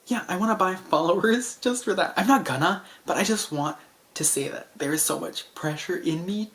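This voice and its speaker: A young man in a casual, rambling vlog monologue, speaking softly late at night and filling his talk with "like.". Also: a little high. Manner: chatty, filler-heavy with frequent "like". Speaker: vlogger. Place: indoors at home at night under a lamp.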